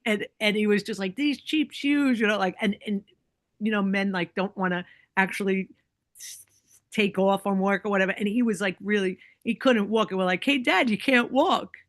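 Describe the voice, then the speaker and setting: A woman's voice: mid-range voice, level tone, a little fast, no echo. A woman chatting as a podcast guest, telling a long personal story full of likes and you-knows and acting out what people said. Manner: chatty, many likes and you-knows, acts out quoted voices. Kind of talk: casual storytelling chat.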